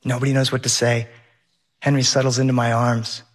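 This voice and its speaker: A man's voice: medium pitch, level tone, fairly quick. A middle-aged man telling a personal story on stage, wry and vivid, with comic timing.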